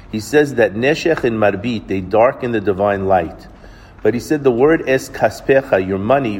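A man's voice: on the low side, darkish tone. A man giving an informal Torah talk, telling a story in a conversational way and often restarting his phrases. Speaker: Torah teacher. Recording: long reverb with faint background noise.

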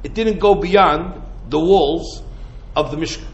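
Animated high-voiced rabbi giving a lecture. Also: male voice, a little slow, highs cut off. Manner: animated, full of rhetorical questions; mixes Hebrew and Yiddish terms into casual English. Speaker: rabbi teaching Torah. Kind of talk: lively Torah lecture.

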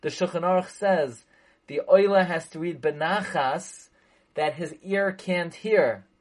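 A man's voice: high-pitched, a little slow, rough recording. A man teaching a religious text in a lecture, making his point emphatically, repeating it and asking rhetorical questions, with Hebrew and Yiddish terms mixed into his English. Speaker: Torah teacher.

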